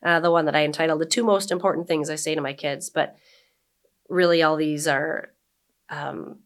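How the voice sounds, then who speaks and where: A woman in her forties with a low voice speaks at a moderate pace. She's a blogger and brewery owner appearing as an interview guest, chatting in a relaxed, casual way before reading her own blog aloud and leaning hard on the quoted lines.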